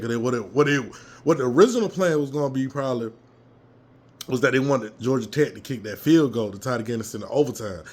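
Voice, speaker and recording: A man telling a fired-up story from a football game he attended, his voice a little hoarse, swearing freely and jumping into loud reenactments. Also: medium pitch. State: slightly hoarse. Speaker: fan commentator. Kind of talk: casual fan rant.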